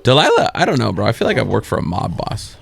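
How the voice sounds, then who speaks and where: A man's voice: lowish voice, wildly swooping pitch, fast, gravelly, slightly rough. A man co-hosting a podcast, chatting in a casual, slangy way and laughing easily. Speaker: podcast co-host. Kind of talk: casual chat.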